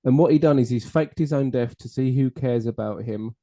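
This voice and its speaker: Male podcast host, jokey rambling banter, mellow timbre. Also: mid-range voice, fairly quick. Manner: jokey, rambling, laughs at own jokes. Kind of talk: casual banter over drinks.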